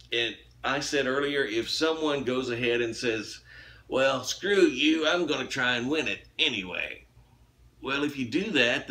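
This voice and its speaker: A man's voice: lowish voice, fairly bright tone. A man hosting his own channel, chatting casually to camera in a rambling, folksy way full of fillers. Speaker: YouTube channel host running a giveaway.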